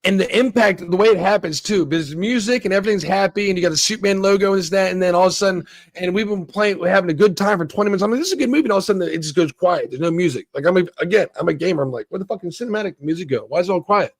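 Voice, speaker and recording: A man in a casual livestream debate about a movie, talking in an animated way, swearing and acting out reactions. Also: high-pitched, racing, no room sound. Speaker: podcast host.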